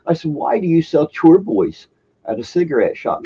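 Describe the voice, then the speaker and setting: A man's voice: medium pitch, brisk, slightly rough. A man telling a story on his own stream, swearing and laughing as he goes. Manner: animated, swearing, laughs often. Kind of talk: casual chat, storytelling. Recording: dull lo-fi stream audio.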